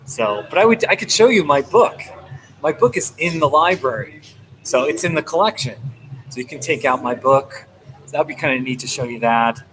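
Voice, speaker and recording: A man's voice: on the high side, normal speed, fairly bright tone. An American man chatting casually on a live stream from a busy coffee shop, rambling and chuckling between remarks. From United States. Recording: noisy coffee shop background. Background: café chatter and noise.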